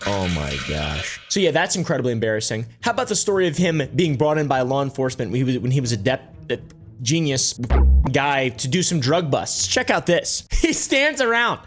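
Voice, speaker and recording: A man's voice: a little high, expressive, a little fast, over music. A man mocking clips with sarcastic, profane reaction commentary.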